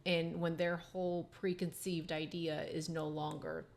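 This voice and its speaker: A woman lawyer on a podcast, speaking in casual conversation, pausing with ums as she thinks. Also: sits low, flat delivery, gravelly, darkish tone. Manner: thoughtful, frequent ums and restarts. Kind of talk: casual professional chat.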